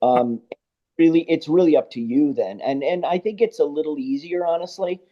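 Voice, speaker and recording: A man, a guest sound engineer, telling stories in a casual interview, animated and acting out both sides of conversations. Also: fairly high pitch, normal speed. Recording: dull lo-fi podcast audio.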